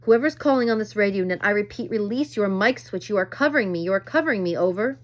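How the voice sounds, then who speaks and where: Woman reading a calm, clipped male radio operator. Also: medium pitch, fast, lightly acted. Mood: businesslike. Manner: clipped radio procedure talk.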